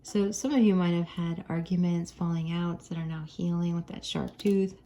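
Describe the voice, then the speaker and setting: American woman, tarot reader, low warm voice, chatty and easygoing with frequent laughs. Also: fairly even intonation, moderate pace. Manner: chatty and gentle, laughs often. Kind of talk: casual tarot reading to viewers.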